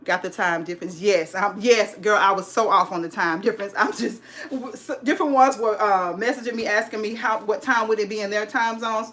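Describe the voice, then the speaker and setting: Brisk and a bit bright, this California woman's mid-range voice holds a steady tone over a little hiss or hum. Indoors at home, she greets her home decor livestream viewers in a bubbly, hyped way, calling them sis and honey.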